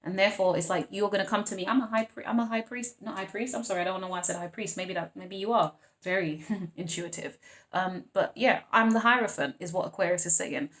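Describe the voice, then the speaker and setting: A woman's voice: lowish voice, quick pace, fairly bright tone. A woman giving a casual tarot reading, chatting freely, laughing often and acting out the voices of the people she describes. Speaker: tarot reader.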